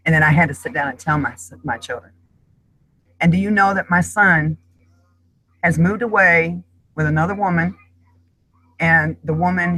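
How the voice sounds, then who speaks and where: A woman's voice: sits low, pushed and bright, rough recording. A middle-aged woman speaking as a guest in an emotional panel discussion, talking in an impassioned, emphatic way.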